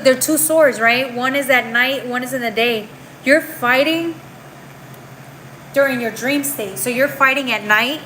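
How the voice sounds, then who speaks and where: Slight background noise and poor audio surround a woman with a somewhat high, fairly bright voice. She's a tarot reader doing a live session, chatty and full of slang, calling the viewer girl and bro. She keeps adding "right?" to her lines and often starts over or trails off mid-phrase.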